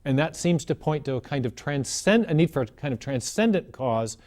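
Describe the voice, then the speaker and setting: Measured man explaining science. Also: on the high side, animated, a little mellow. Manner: measured, often restarts phrases. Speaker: guest explaining cosmology. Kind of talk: explanatory lecture-style talk.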